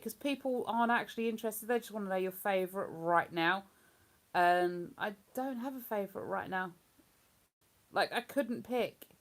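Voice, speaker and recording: A woman's voice: medium pitch, sharp tone. A woman hosting a livestream in casual, rambling chat. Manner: rambling, chatty, breaks into hummed tunes. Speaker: livestream host.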